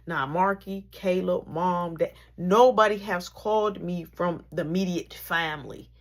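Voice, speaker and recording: A woman telling a long personal story, acting out each person in it and swinging between hushed asides and loud outbursts. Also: fairly low pitch, measured pace, few pauses. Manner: lively, acts out every character in the story, swings from hushed to loud. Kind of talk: animated storytelling.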